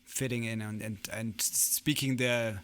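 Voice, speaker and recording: A man from Germany, German native, speaking English with a mixed British and American lilt, co-hosting a casual podcast and often pausing with fillers and restarts. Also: mid-range voice, steady tone, fairly bright tone, slight background noise. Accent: German-influenced English, mixed British and American. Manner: hesitant, many fillers and restarts. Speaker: podcast co-host. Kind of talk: casual chat.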